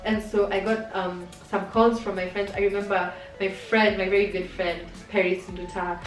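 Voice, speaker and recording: A woman's voice: medium pitch, level tone, normal speed, recorded from a distance. A young adult woman telling a personal story to camera in a candid, chatty way, with many fillers. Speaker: vlogger. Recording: roomy sound from off-mic, faint music.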